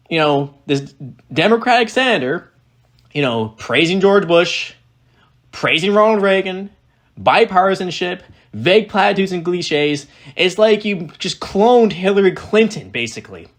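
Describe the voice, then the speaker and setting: Man, political reaction commentary, sarcastic, swears a lot, exasperated, fairly high voice. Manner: sarcastic, profane, exasperated ranting.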